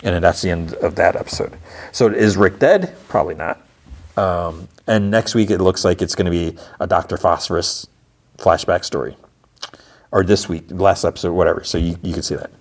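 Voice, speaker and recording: Deep voiced podcast guy rambling through a show recap, lots of um and like. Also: steady tone, moderate pace. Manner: rambling, many fillers and restarts. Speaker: podcast host. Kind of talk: casual episode recap.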